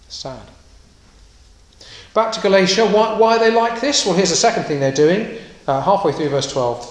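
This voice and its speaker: A man preaching a sermon in a conversational, animated way, slipping into quoted voices and asides. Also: sits high, moderate pace, roomy sound, low-quality recording.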